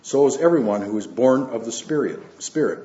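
Male pastor, mid-pitched, unhurried sermon with scripture readings and asides, roomy dull church recording. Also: lively intonation, mellow. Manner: unhurried, with fillers and asides between verses.

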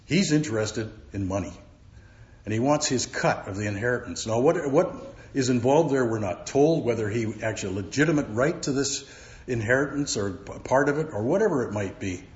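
A man teaching verse by verse from the Bible, halting often with fillers and repeated words. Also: mid-range voice, animated. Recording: roomy, dull recording.

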